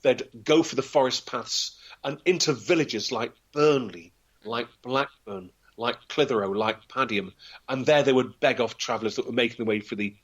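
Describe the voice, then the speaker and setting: In a mid-range, somewhat bright voice at a moderate pace, a local historian delivers a historical tale as dramatic storytelling. He performs it theatrically and vividly, voicing the characters himself.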